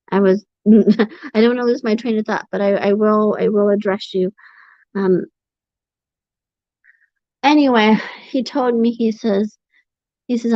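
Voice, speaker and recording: A woman chatting on a home livestream in a meandering, halting way, pausing to sigh as she gathers her thoughts. The sound is dull and lo-fi, and it is bone dry, with no room around her voice. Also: fairly high pitch, a little mellow, no echo. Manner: rambling, halting, sighs between thoughts. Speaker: livestream host reading chat. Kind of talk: casual livestream chat.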